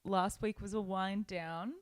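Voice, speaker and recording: A woman's voice: mid-range voice, steady tone, a little slow, no echo, studio quality. A young woman co-hosting a casual podcast, blunt and teasing, swearing freely. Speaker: podcast co-host.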